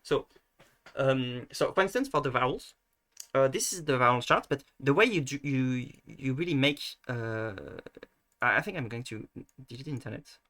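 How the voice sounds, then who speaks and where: A man's voice: medium pitch, animated, moderate pace, fairly bright tone. A man giving a casual screen-share lesson, hesitant and full of restarts, fillers and self-mocking asides. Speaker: video tutor.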